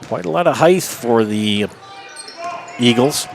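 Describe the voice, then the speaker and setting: A man's voice: mid-range voice, animated, vocal fry, a little hiss or hum. Man calling basketball play-by-play. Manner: brisk, rising for big plays, counts down the clock. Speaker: play-by-play announcer.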